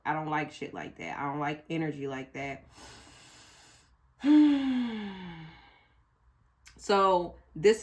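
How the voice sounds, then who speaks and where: Low-voiced woman doing a blunt tarot reading. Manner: blunt, emotional, curses freely. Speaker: tarot reader. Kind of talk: casual pick-a-pile tarot reading.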